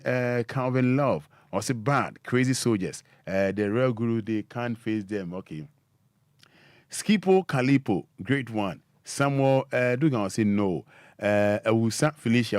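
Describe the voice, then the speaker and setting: A Ghanaian man hosting a radio show, reading viewer comments aloud in a halting, filler-heavy way that slips between Twi and English. His voice sits at a middling pitch for a man. The studio sound is dry and close, with no room echo. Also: a little mellow. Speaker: radio host. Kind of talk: reading listener comments on air.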